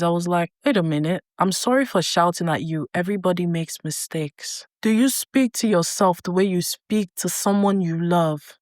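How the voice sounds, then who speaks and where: A woman's voice: medium pitch, dry recording, studio quality. A woman giving an earnest motivational talk to camera, repeating herself for emphasis. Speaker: life coach and vlogger.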